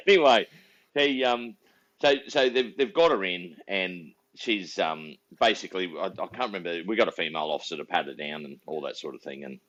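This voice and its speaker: A man's voice: sits low, sing-song, moderate pace, a bit bright. A middle-aged man, a podcast co-host and police officer, telling a story in a rambling way with repeated words. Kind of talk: casual storytelling chat. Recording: dull lo-fi sound.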